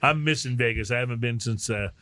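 A man in his sixties hosting a casual beer-tasting chat show, relaxed and quick to laugh. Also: medium pitch, no room sound. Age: 60s. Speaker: podcast host.

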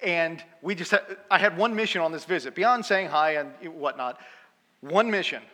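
Bright-voiced man in his fifties, preaching. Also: on the high side, normal speed, long reverb tail. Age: 50s. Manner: self-deprecating, chatty, laughs at own jokes. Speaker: guest preacher. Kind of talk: humorous storytelling sermon.

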